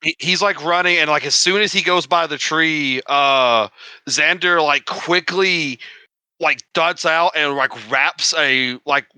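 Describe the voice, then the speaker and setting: Slow, bright-toned man player. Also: fairly high pitch, clean tone, no echo. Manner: unhurried, laughs often. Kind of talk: tabletop role-play chat.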